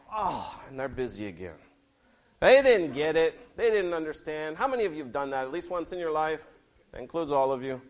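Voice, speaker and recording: Middle-aged male preacher, high-pitched, expressive storyteller for a children's sermon. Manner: lively, expressive storytelling with big swings in pitch and loudness.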